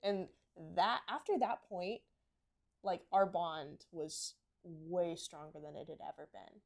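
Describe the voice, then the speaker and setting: A woman co-hosts a casual podcast chat about horses. Her voice sits a little on the low side. She tells personal stories in a heartfelt, openly emotional way. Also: fairly even intonation, slow pace, darkish tone. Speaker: podcast co-host.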